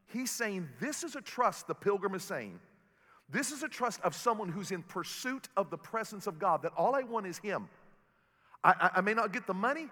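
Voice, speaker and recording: Bright-voiced preacher in a big hall. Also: male voice, sits high, normal speed. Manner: animated storytelling preacher with humor. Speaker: pastor. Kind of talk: sermon. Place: large auditorium.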